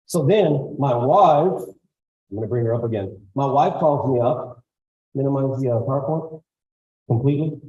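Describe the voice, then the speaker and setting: A man's voice: medium pitch, moderate pace, dull audio. A man giving a storytelling talk to school staff, acting out the people in his stories. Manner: animated storyteller, acts out voices. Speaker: guest speaker. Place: school auditorium.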